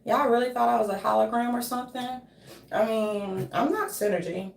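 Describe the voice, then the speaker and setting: A woman's voice: a little high, normal speed, vocal fry. A woman vlogger talking in a loose, jokey, rambling monologue and swearing freely. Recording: echoey room, voice from a distance.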